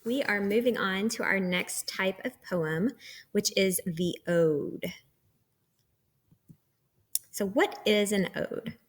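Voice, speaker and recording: A woman's voice: mid-range voice, slow, long pauses. A woman teacher talks through a recorded lesson, patient and methodical. She explains each term step by step in a mid-range voice. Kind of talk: recorded lecture.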